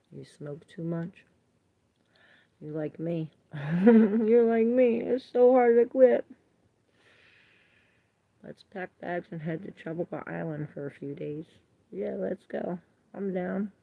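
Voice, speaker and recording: A slow-talking woman with a gravelly, husky voice gives a live tarot reading. She chats with her viewers, reads their comments aloud and laughs often. The livestream audio sounds dull and lo-fi. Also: sits low. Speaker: tarot reader.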